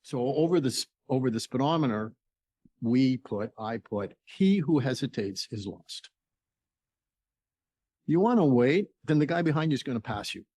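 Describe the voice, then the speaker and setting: Older man, from Canada, podcast guest, lively storyteller, voices each side of a conversation, dry sound. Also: medium pitch, a little fast, no echo. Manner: animated storyteller acting out dialogue. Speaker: entrepreneur guest. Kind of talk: storytelling interview.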